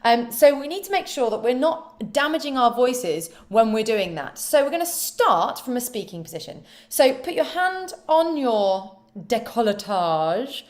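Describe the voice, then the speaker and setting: A woman with a high, lively voice coaches singers through vocal warm-ups over a video call. She talks slowly and jokes at her own expense between exercises. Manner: playful, self-mocking asides. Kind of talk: online vocal warm-up instruction.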